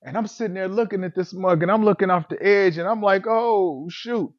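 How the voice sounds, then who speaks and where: Man with a high voice telling a funny story, plays out his own reactions, dull lo-fi audio. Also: steady tone, quick pace. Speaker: vlogger telling a personal story. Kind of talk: casual comedic storytelling.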